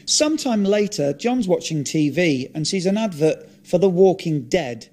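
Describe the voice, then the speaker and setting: Deadpan man reading his script. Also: sits high, moderate pace. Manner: deadpan, blunt comic asides. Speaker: author narrating his own script. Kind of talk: reading a script aloud, narration and dialogue.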